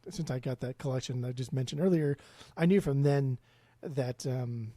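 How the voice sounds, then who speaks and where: A man's voice: medium pitch, normal speed, mellow, no echo. A man co-hosting a casual music podcast, blunt and swearing freely, often restarting his sentences. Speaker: podcast co-host.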